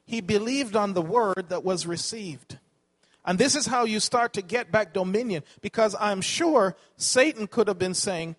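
A man's voice: high voice, measured pace. A man preaching a sermon, asking the congregation questions and correcting himself as he teaches.

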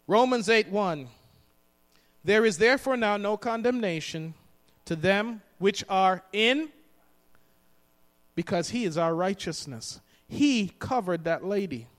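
Male preacher, sermon, high voice, emphatic delivery, booming hall reverb. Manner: emphatic, repeats lines for the congregation to echo.

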